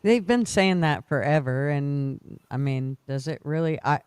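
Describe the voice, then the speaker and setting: Skeptical co-host with a smooth voice. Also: female voice, deep voice, unhurried, a little mellow, dry recording, clean studio sound. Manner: questioning, skeptical. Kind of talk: casual chat.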